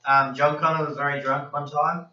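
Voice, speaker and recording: A man's voice: on the high side, little pitch movement, moderate pace, sharp tone. A man with an Australian accent in a casual podcast chat, joking and laughing. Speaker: podcast co-host. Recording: roomy, distant, dull lo-fi recording.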